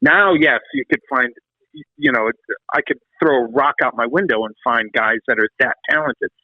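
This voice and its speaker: Man, middle-aged, rambling animated storyteller, casual interview, tinny phone-like audio. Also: medium pitch, moderate pace, no echo. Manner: animated, rambling storyteller with frequent restarts and swearing. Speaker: interview guest, former metal drummer. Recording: dry, phone-like call audio.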